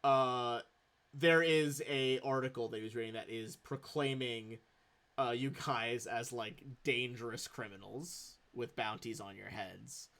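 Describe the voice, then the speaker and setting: A man's voice: medium pitch, fairly even intonation, measured pace, fairly bright tone. A man running a tabletop game as game master, narrating loosely with a lot of swearing. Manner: loose, swears, lots of fillers.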